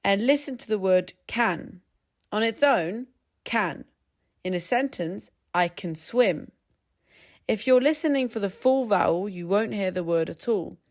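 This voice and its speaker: This scripted English pronunciation tutorial is narrated by a woman with a medium-pitched voice. Her delivery is calm and measured, easing off the pace when she demonstrates sounds.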